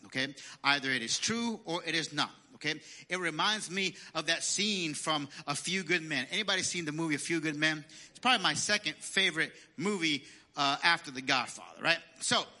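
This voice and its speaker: A male pastor with a high, very bright voice preaches to his congregation. He leads call-and-response lines, and his voice lifts in pitch and force as he quotes scripture. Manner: rises louder and higher when quoting scripture. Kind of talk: sermon.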